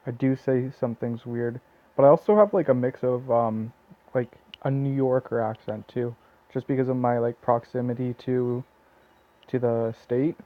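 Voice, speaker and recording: A man's voice: medium pitch, fairly even intonation, moderate pace. A man with a Southern Ontario Canadian accent doing casual gameplay commentary, rambling with lots of fillers and restarts. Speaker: let's play commentator. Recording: tinny lo-fi phone-like mic.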